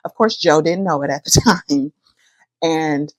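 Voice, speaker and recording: Woman, middle-aged, low voice, dry close sound, lively storytelling podcast host. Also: unhurried, no room sound. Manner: lively, chatty, addresses listeners as y'all. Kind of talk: personal storytelling to listeners.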